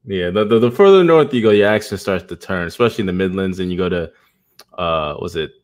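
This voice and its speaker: Low-voiced joking man. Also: fast talker. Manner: animated and joking, peppering speech with "man". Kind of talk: casual chat on a livestream.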